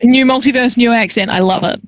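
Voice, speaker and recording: A woman's voice: on the high side, a little fast. A woman playing in a tabletop game, chatting in a bubbly, rambling way. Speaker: player. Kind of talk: casual tabletop role-play.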